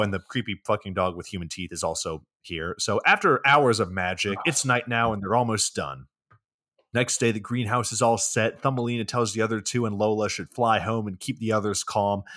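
Male podcast co-host, lowish voice, dry close recording, deadpan plot summary. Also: no echo. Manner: dry, matter-of-fact summary with offhand swearing. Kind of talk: casual plot recap.

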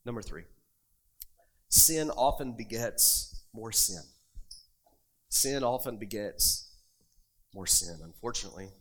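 A man's voice: lowish voice, lively intonation, slow pace, pauses often, fairly bright tone. Emphatic male preacher. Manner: emphatic, reads scripture aloud with rising intensity. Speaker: pastor. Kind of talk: sermon.

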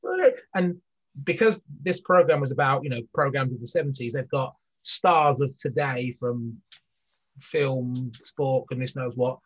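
A man's voice: mid-range voice, a little slow, lo-fi sound. A man talking in a rambling, earnest way as an interview guest, full of restarts and fillers. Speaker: guest, business leader. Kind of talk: conversational interview.

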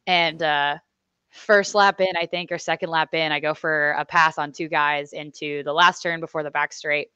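A young woman, a motorcycle racer, telling race stories in a chatty, animated way on a podcast. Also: low-pitched, normal speed, clear, resonant tone, no room sound, lo-fi sound. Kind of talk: casual storytelling interview.

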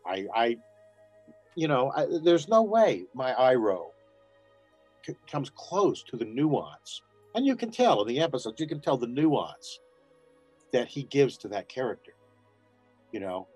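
Slightly rough and measured, a man's mid-range voice unfolds with long pauses in a dry recording, faint music underneath. As a voice actor guesting on an interview, he shares casual stories and animatedly acts out what others said.

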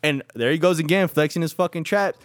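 A man telling a story in casual chat among friends, animated, swearing freely and acting out what others said. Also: on the high side, fairly quick, smooth, dry recording. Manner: animated storytelling, heavy swearing, acts out quotes. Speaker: podcast co-host telling a story.

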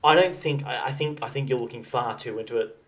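A man's voice: mid-range voice, quick pace, a bit bright, low-quality recording. A man co-hosting a casual podcast chat, pushing back with frequent restarts. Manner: argumentative, restarts often. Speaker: podcast co-host.

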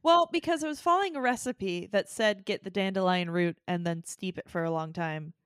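A woman's voice: mid-range voice, fairly quick, clear, resonant tone, dry recording, studio quality. Easygoing, giggly woman podcaster. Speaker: podcast co-host. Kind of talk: casual chat.

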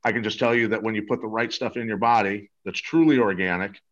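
A man's voice: on the low side, steady tone, quick pace, fairly bright tone, dull audio. A man talking as an interview guest, eager and salesy, rambling with many restarts. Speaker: guest promoting a supplement. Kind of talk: casual interview talk.

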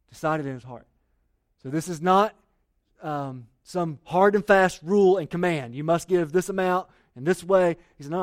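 Conversational preacher man. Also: a little high. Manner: conversational preaching with audience call-and-response. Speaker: pastor. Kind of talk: sermon.

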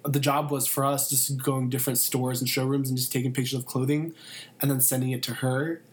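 A man's voice: medium pitch, flat delivery, a little fast. A young man, a college student, chatting casually and telling rambling stories with lots of fillers and crude jokes. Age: young adult. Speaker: college student and photography intern. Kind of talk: casual podcast chat.

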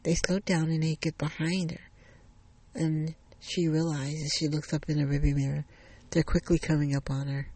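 A man retells a thriller story in a casual, halting way, often starting over and repeating phrases. His voice is gravelly and husky, and a little higher than most men's. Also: little pitch movement, a little mellow, no echo.

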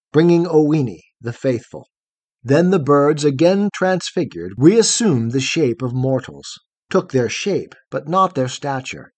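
Man reciting poetry with steady rhythm. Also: on the high side, no room sound. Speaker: audiobook narrator. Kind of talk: scripted poetry narration.

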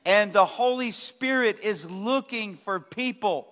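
A man, preaching a sermon as pastor, passionate, with swings from loud emphasis to quiet asides. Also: measured pace. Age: 40s. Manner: impassioned preaching, rising to loud emphasis then dropping low. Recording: long hall reverb.

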